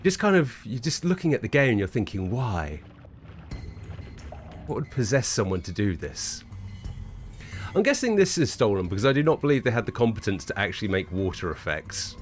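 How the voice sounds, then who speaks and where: A man's voice: lowish voice, sing-song, normal speed, soft background music. A man giving casual let's play commentary with wry, amused asides. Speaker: streamer.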